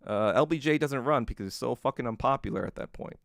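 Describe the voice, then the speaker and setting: This man hosts a podcast and recounts history casually, swearing freely and acting out quotes. He talks quickly in a gravelly, mid-range voice. It's a dry, studio-quality recording.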